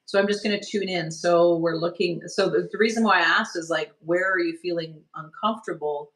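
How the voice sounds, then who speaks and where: Gentle, meandering woman energy healer. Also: on the low side, fairly quick, rough recording. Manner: gentle, soothing, meandering with many "like" and "sort of". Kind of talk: guided healing session.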